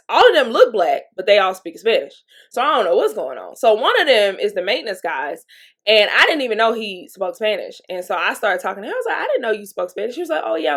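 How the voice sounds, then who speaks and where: A woman's voice: on the high side, a bit bright. Chatty woman telling a dating story. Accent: Southern US. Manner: chatty, candid, laughs between lines. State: sniffly from allergies. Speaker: vlogger. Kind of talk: casual storytelling monologue.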